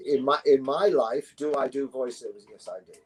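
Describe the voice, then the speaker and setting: An older English man with a London accent, a guest recalling stories in a relaxed, rambling way with many self-corrections. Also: mid-range voice, normal speed, rough recording. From London, England. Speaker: guest, actor and musician. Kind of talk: relaxed conversational interview.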